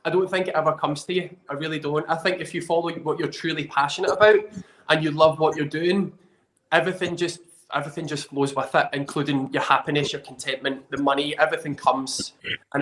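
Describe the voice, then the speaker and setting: A man's voice: a little high, little pitch movement, brisk, a bit bright. Earnest man in a roomy echo. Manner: earnest, enthusiastic, restarts often. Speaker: fitness trainer, guest. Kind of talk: casual conversational interview.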